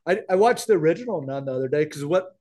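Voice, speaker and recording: A man's voice: a little high, expressive, fast talker, a little mellow. A middle-aged man co-hosting a podcast, chatting casually and rambling with many restarts. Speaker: podcast co-host. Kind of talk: casual chat.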